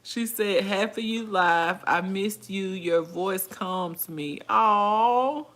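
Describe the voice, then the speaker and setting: A woman's voice: medium pitch, slow pace, a bit bright. A woman in her forties hosting a casual livestream, reading viewer comments aloud and chatting in a folksy way with frequent laughter. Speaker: livestream host.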